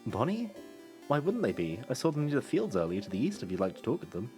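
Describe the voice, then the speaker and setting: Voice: medium pitch, sing-song, quick pace, dark tone, soft background music, close to an everyday voice. A streamer voicing a caring young woman from a game, friendly and fussing over a tired friend. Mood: concerned. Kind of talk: reading game dialogue aloud.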